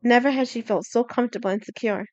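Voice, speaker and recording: A woman narrating an audiobook chapter in a quiet, gentle reading voice. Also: a little high, fast talker, no echo, highs cut off.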